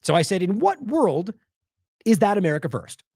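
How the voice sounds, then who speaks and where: A man giving solo news commentary, sarcastic and animated, mocking the lines he quotes in put-on voices and restarting often as he scrolls his sources. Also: sits high, normal speed, breathy edge, no room sound, studio quality. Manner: talks in bursts with restarts while scrolling sources.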